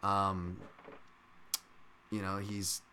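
Man, podcast host, casual solo breakdown, rambling, profane, joking, lowish pitch, bright forceful tone. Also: monotone, very slow, a little hiss or hum.

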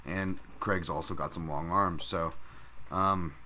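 A man's voice: low voice, steady tone, takes it slowly, pushed and bright, slight background noise. A man hosting a podcast, breaking down fights and bets in a casual, profane, heated ranting style. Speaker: podcast host. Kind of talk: casual sports-betting breakdown.

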